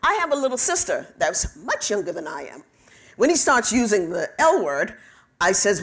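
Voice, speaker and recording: A middle-aged woman telling a personal story on stage, lively and humorous, acting out the people she quotes. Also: on the high side, moderate pace. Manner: lively, animated, quotes people in voices, laughs at own jokes.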